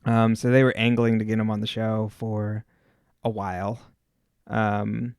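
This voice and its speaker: A man's voice: lowish voice, little pitch movement, measured pace, gravelly, a little mellow, clean tone, dry recording, clean studio sound. Laid-back man co-hosting a podcast. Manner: rambling, laid-back, many fillers. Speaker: podcast co-host. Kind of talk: casual chat.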